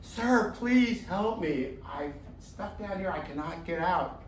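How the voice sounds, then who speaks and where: A man voicing a desperate, hungry male tiger that begs for help in high, pleading cries. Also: lively intonation, slow, slight background noise. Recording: roomy distant room mic.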